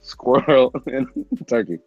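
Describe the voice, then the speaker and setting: A man's voice: mid-range voice, lively intonation, takes it slowly, a little mellow, no room sound, muffled recording. Guy chatting with friends, lots of ups and downs in his voice, dry sound, faint music behind. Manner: laughing, reading out food lists. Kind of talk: casual chat.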